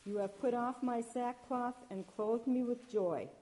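A woman reading scripture aloud at a church service, measured, with small slips and restarts. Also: fairly high pitch, dark tone. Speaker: lector.

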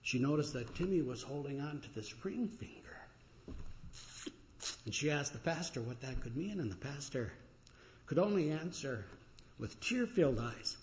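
A man's voice: medium pitch, animated, dull audio. Earnest male pastor preaching a sermon. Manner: earnest, slows and rises on scripture quotes, frequent uh fillers.

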